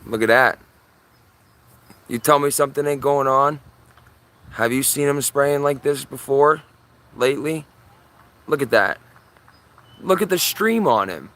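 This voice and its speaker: An excitable man talks outdoors in his yard at a middle pitch, filming live on a handheld phone. His talk is urgent and full of repeats as he keeps pointing things out. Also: a little slow, long pauses, slight background noise. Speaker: livestreamer. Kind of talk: live sky-watching commentary.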